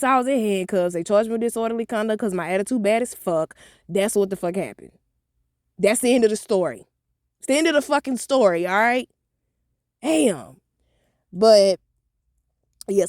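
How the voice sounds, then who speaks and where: A woman vlogger telling a story from her own life, unfiltered and full of curses. Her voice sits at a middle pitch. The sound is close and dry, with no room echo. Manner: animated, profane, blunt storytelling. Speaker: motivational vlogger. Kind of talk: storytime vlog.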